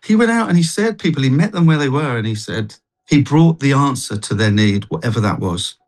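A man's voice: medium pitch, animated, fairly quick, poor audio. A man, a guest on a TV chat show, telling a personal faith story in an earnest, rambling way with many restarts. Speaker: guest, street worship singer.

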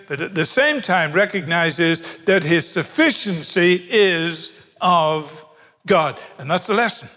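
A British man preaches in a large hall, his fairly high voice trailing off into a long reverb. He is animated and wry, and he slips into the voices of the people in his stories. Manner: animated, humorous storytelling with acted quotes. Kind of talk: sermon.

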